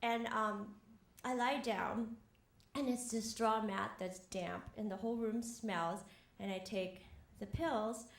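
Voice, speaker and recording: Young woman telling a funny story onstage into a mic, kinda high voice, echoey room. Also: steady tone, takes it slowly, gravelly. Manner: wry, self-mocking, laughing through lines. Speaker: storyteller on stage. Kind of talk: live personal storytelling. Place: theater stage before an audience. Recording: roomy live hall with faint ambience.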